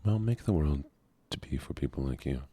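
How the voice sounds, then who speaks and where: Very deep, soft-spoken male streamer. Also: fairly quick. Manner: soft-spoken, relaxed, chatting with viewers.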